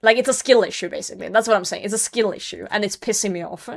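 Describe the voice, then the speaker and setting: Quick-paced and gravelly, her mid-range voice carries a casual live game commentary as she chats with viewers. The young streamer is blunt and self-mocking, often laughing and cursing when frustrated.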